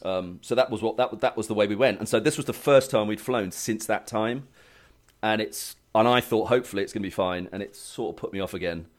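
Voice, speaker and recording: A man's voice: lowish voice, brisk. A man telling a travel story and chatting about gadgets on a casual show, rambling with restarts. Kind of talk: casual chat.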